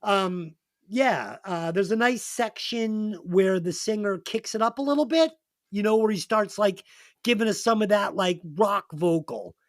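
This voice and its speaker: A man's voice: high-pitched, unhurried, dry recording, clean studio sound. Foul-mouthed man hosting a podcast. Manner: profane, laughing anecdote teller. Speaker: podcast host, album reviewer. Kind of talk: casual podcast chat.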